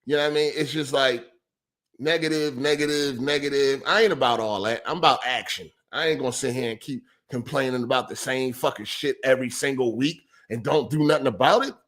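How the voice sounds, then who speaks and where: A man's voice: medium pitch, fairly quick, fairly bright tone. A middle-aged man hosting a podcast, ranting in a heated, profane and repetitive way, exasperated. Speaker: podcast host.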